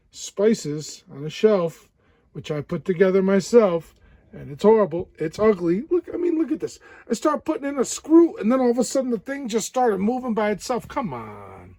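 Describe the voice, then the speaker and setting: Gravelly high-voiced man, slow and cussing. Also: a little mellow, dry recording. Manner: frustrated, swearing, self-mocking. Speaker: DIY vlogger. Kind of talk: casual building vlog.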